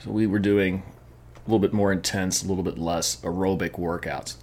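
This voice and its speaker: A man's voice: low voice, fairly even intonation, brisk, darkish tone. A man telling his training mishaps in a casual vlog, chatty, often laughing and repeating words as he talks. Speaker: amateur triathlete vlogger.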